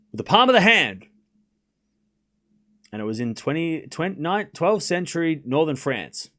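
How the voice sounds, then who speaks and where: A man streaming live tennis commentary, switching between quick play-by-play and rambling, self-correcting chat with his viewers. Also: on the high side, fairly bright tone.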